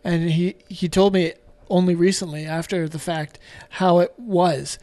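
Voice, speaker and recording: A man speaking as a podcast guest, telling his story candidly in a halting, emotional way with many restarts and some casual swearing. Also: high-pitched, fairly even intonation, a little mellow, dry recording.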